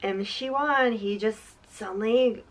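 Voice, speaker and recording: A woman telling a lively story as a guest in a casual chat, acting out quotes with laughs. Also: on the high side, unhurried, rough recording. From half American, half German. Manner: animated, acts out quotes, laughs often. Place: at home.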